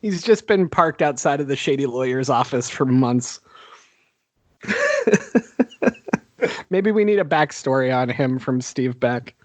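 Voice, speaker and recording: A man's voice: medium pitch, a little slow, pauses often, dry recording. A man co-hosting a podcast, chatting casually about a horror film, laughing often and swearing freely. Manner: laughing, profane, animated. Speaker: podcast co-host.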